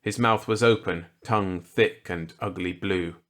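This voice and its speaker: A man narrating a grim short story in a measured, deliberate way. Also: sits low, fairly bright tone. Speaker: audiobook narrator. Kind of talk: scripted narration.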